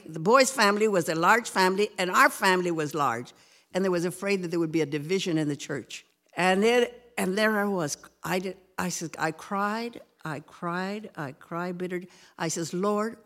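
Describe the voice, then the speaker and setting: A woman's voice: on the low side, fairly bright tone. An older woman telling her church testimony in an earnest, rambling way, her voice lifting when she quotes people. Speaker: guest giving a testimony.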